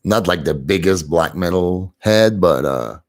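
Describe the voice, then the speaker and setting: A man chats casually on a live stream, replying to viewer comments and laughing easily. His voice sits fairly low. He takes his time with every phrase. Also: expressive, a little slow. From Montreal, Canada. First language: French.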